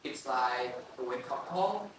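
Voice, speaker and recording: A man's voice: medium pitch, expressive, slow. A young man co-hosting a student book podcast, reading a casual script with small slips. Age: young adult. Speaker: podcast co-host. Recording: echoey room, far-off mic, faint noise.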